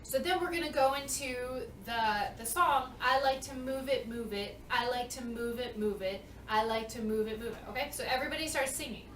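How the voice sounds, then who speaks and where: Woman walking kids thru a dance number, keeps saying okay, higher voice, echoey room, mic a bit far off. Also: moderate pace, few pauses, fairly bright tone, slight background noise. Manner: chatty, checks in with "okay?". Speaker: choreographer. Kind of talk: dance walkthrough.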